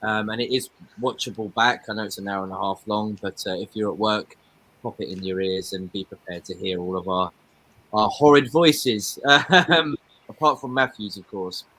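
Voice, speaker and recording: A man's voice: fairly low pitch, a bit bright, no echo, rough recording. A man hosting a football podcast, upbeat as he signs off and thanks his guests. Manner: upbeat, wrapping up quickly. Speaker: podcast host. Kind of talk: show sign-off.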